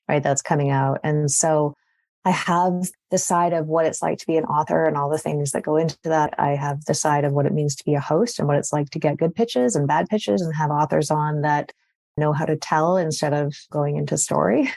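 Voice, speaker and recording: A woman's voice: deep voice, creaky, darkish tone, no room sound. A Canadian woman talking confidently and chattily as a podcast interview guest. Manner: chatty, confident, tags statements with "right?". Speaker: podcast guest, agency CEO.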